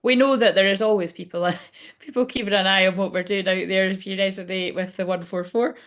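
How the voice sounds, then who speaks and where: A woman's voice: medium pitch, steady tone, brisk, a bit bright. Chipper woman reading cards. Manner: chipper and chatty, talking straight to viewers. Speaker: spiritual card reader. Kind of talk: live casual card reading.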